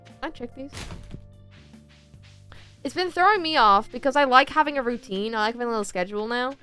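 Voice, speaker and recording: A woman's voice: on the high side, brisk, sharp tone, clean tone, soft background music. A woman chatting casually with her viewers while she plays a farming game, rambling and talking to chat as she goes. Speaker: streamer.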